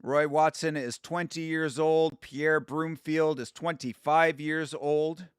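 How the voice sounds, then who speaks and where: A man streaming from home hosts a watch-along, talking in a loose, rambling way and laughing at his own jokes. His voice sits fairly high, and he breaks into loud, excited bursts now and then. The sound is dry and close, with almost no room echo. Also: takes it slowly, clear, resonant tone. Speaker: YouTube host doing a watch-along. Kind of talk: casual live commentary.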